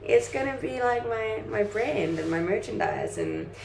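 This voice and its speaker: Gravelly-voiced woman streamer chatting casually. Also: on the high side, huge pitch swings, a little slow, darkish tone, slight background noise. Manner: chatty, reads chat aloud and answers with easy laughter. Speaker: live streamer. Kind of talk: casual live-stream chat. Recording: roomy sound with faint music behind.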